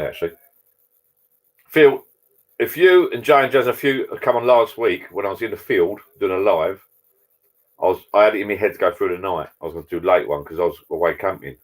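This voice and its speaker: A man hosting a casual live chat from his garden bar. He rambles and greets viewers by name. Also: fairly low pitch. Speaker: live stream host. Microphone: laptop.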